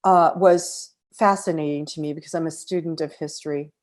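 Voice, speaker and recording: Middle-aged American woman, low voice, podcast host, heartfelt personal storyteller. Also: fairly even intonation. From United States. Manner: warm, reflective, emotional storytelling with pauses.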